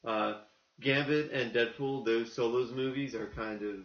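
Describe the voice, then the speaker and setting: A man co-hosting a casual podcast, talking in an animated, rambling way and acting out the quotes he tells. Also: mid-range voice, unhurried. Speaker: podcast co-host. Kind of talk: casual chat. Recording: muffled, echoey room.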